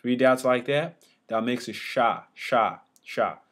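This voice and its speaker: A man teaching a casual whiteboard lesson, sounding letters out loud again and again with many fillers and restarts. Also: mid-range voice, slow, slight background noise.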